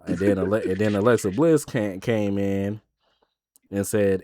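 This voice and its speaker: A man's voice: lowish voice, steady tone, measured pace, dark tone, dry recording. A man co-hosting a podcast, casually recapping wrestling shows and retelling the promos in quoted voices. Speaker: podcast co-host.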